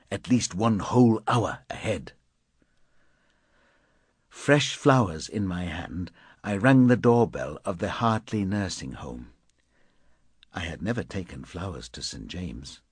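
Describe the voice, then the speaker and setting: A man's voice: lowish voice, husky, no echo. A man reading an audiobook in a terse, clipped first-person narration. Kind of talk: scripted narration.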